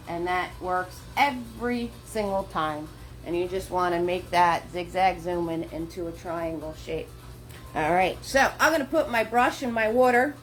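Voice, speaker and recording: Speaking at a normal speed in a lowish voice, a paint party instructor teaches a live online class from her home studio with faint background music. She keeps up an encouraging chatter, laughs frequently and calls out viewers by name.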